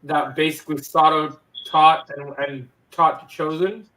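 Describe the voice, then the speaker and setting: Higher-voiced man chatting eagerly. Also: steady tone, unhurried, bright, forceful tone, rough recording. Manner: eager, reactive commentary with filler words. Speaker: podcast co-host. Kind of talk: casual chat.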